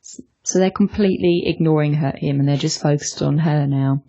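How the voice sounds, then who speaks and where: A woman co-hosting a podcast in relaxed casual chat, giving her opinions on a manga chapter. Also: deep voice, a little fast, vocal fry, highs cut off. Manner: relaxed, opinionated, with fillers and restarts. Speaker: podcast co-host.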